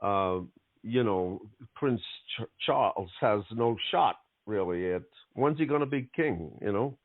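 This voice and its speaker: A male podcast host, a bit congested from allergies, telling stories in a relaxed, rambling way full of fillers. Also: lowish voice, measured pace. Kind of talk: casual chat. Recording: tinny phone-like line.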